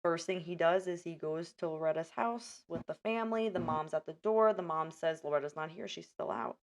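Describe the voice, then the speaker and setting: A young woman hosting a casual podcast, retelling movie scenes in animated detail and acting out the characters' lines. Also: lowish voice, a little fast. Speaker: podcast host.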